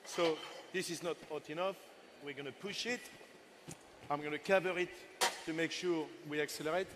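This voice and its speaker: A man's voice: on the high side, fairly even intonation, moderate pace, noisy background. A man in his sixties, a chef giving a live cooking masterclass on a festival stage, chatty and playful with his helpers and the crowd.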